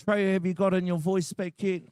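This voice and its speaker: A man's voice: high voice, level tone, normal speed, a little mellow, clear, resonant tone, no echo, clean studio sound. A man with a New Zealand accent announcing a shearing contest, joking and chatting with the crowd. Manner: jokey, chatty, banters with the crowd. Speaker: competition announcer. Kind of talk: live event commentary over a PA.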